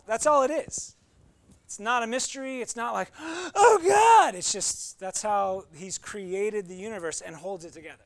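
Male pastor, high voice, animated conversational sermon style with playful asides. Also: gravelly.

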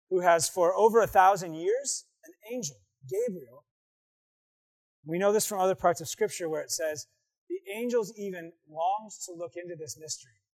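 A man preaching a sermon, telling stories animatedly and acting out voices, swinging from hushed asides to loud excited bursts. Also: sits high. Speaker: pastor.

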